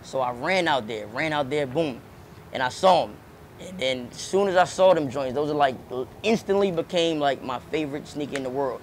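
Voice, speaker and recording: A young man talks fast and loose, swearing and doubling up his words as he tells his story. His voice sits a touch high for a man. Faint background noise runs under the recording. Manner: animated, profane, slangy, repeats words. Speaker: rapper and comedian, interviewee. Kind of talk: casual storytelling interview.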